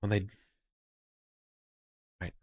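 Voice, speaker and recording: A man narrating as game master of a tabletop game, often halting and searching for words mid-sentence. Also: a little mellow, no room sound, studio quality.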